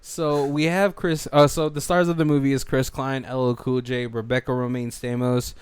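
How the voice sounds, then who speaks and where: A man with a medium-pitched, clear, resonant voice speaks at normal speed in a level tone on a studio mic. He co-hosts a movie commentary podcast, chatting casually and rambling with lots of fillers and frequent laughter.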